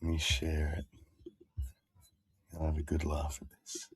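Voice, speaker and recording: A man's voice: rumbling low, completely flat delivery, measured pace, vocal fry, husky, dry recording, clean studio sound. A man hosting a casual chat in a crude, rambling, laid-back manner. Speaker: stream host.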